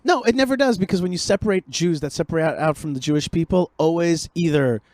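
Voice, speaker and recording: Man, podcast host, fairly high voice, dry close sound, lively, repeats himself. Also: fast talker, dry recording. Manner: animated, repeats words, jokey. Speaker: show host. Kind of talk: casual podcast conversation.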